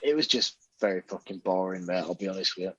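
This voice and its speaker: A man's voice: low-pitched, fast talker, a bit bright, husky. A British man co-hosting a podcast, reviewing a film in casual chat with sweary, exasperated banter. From Britain. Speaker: podcast co-host. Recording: dull, lo-fi dry mic.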